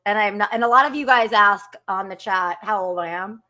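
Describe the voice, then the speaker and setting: A woman's voice: medium pitch, a little fast, pushed and bright. A woman in her thirties, a guest on a live call-in show, talking in a heated, profane rant. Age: 30s. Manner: fired up, ranting with profanity. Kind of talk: heated live-stream chat.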